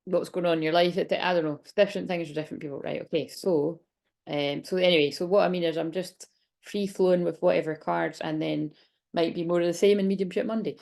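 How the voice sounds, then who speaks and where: A woman's voice: lowish voice, steady tone, brisk, gravelly, darkish tone. A woman in her late thirties doing a chatty, rambling tarot reading vlog, hiccuping and a bit out of breath. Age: 30s. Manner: rambling, chatty, many restarts. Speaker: tarot reader.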